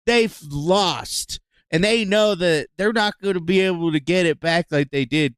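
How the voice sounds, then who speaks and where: A man hosting a livestream, giving casual, profane, excitable commentary and laughing often. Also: fairly high pitch, smooth, no room sound. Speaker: livestream host.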